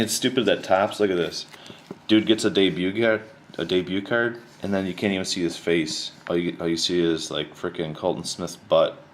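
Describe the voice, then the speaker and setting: A man with a notably deep, low voice talks loosely to his camera, drifting from point to point with lots of ums and slang. A faint hiss sits under the recording. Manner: rambling, relaxed, slangy with many fillers. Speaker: card collector showing his mail returns. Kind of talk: casual chat to camera.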